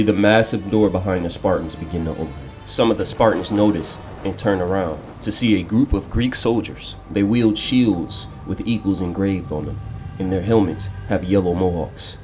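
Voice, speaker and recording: A man with a fairly low voice narrates a fan-made game story, describing each scene in a steady, measured way. Loud music plays under him throughout.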